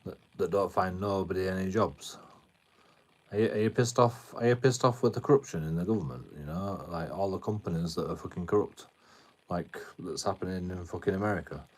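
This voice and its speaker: A man's voice: deep voice, a little fast. A British man live streaming, arguing with his chat in a combative tone, swearing a lot and repeating himself. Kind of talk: ranting at chat on a livestream.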